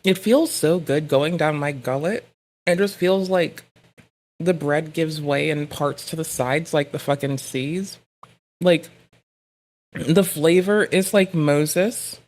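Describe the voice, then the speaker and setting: Speaking slowly in a mid-range, somewhat mellow voice, a streamer drifts through casual livestream chatter, cursing liberally. Sleep-deprived and punchy, he keeps slipping into rants of fake outrage.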